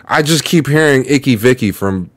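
A man's voice: medium pitch, lively intonation, moderate pace, no echo. A man giving casual, joking reaction commentary with slangy asides and laughs. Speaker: streamer reacting to a video.

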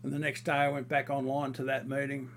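A man's voice: medium pitch, little pitch movement, fairly quick, a bit bright, slight background noise. A man in a casual monologue, ranting heatedly and crudely, rambling with fillers and restarts.

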